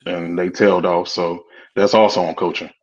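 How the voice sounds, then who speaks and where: A man guesting on a sports talk show, speaking haltingly with many fillers. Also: low-pitched, level tone. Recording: dull lo-fi sound.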